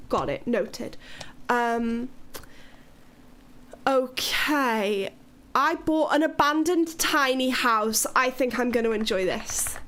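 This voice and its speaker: A woman's voice: high voice, a bit bright. A woman from Wales with a British accent, chatting casually on a live stream, rambling and frank with the odd swear word. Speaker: livestreamer.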